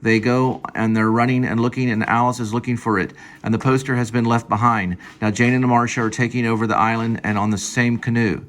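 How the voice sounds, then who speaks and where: A man casually reading his own screenplay aloud at home, halting and stopping to fix lines. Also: mid-range voice, fairly even intonation, a bit bright. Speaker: screenplay reader. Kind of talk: casual screenplay read-through.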